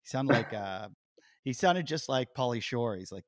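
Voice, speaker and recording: A middle-aged man hosting a podcast, telling stories in a casual, animated way and acting out quotes. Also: medium pitch, moderate pace, dry recording, studio quality. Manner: animated storyteller, acts out quotes loudly. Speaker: podcast host. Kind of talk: casual interview chat.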